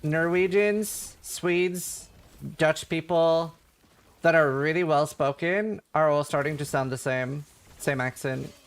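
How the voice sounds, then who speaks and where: Chatty higher-voiced male streamer. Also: slow pace, smooth. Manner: rambling, laughing storyteller. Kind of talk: casual livestream chat.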